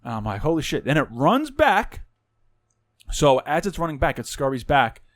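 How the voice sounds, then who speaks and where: A man's voice: fairly high pitch, normal speed, dry recording. Casual podcast host, New man, swears freely, dry mic. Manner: animated, profane storyteller. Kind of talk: casual storytelling chat.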